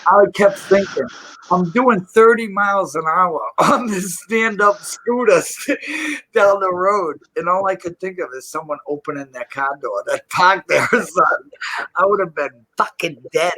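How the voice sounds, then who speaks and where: Husky-voiced man telling wild stories. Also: high-pitched, a little slow, rough recording. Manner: animated storyteller, laughs and swears. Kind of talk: casual chat among friends.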